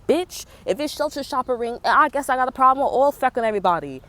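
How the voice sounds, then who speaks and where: A woman's voice: high voice, lively intonation, fairly quick, hardly any pauses, fairly bright tone. Brief: young pregnant woman, profane street-slang rant, fired-up vlog venting. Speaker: vlogger. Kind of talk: casual venting monologue.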